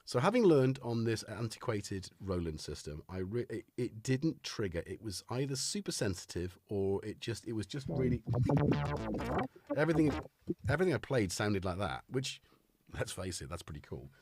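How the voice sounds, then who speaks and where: Amid heavy background noise and music, a livestream host with a lowish, sing-song voice chats at a moderate pace from a home studio full of gear. He plays equipment, laughs to himself, and rambles while hunting for things.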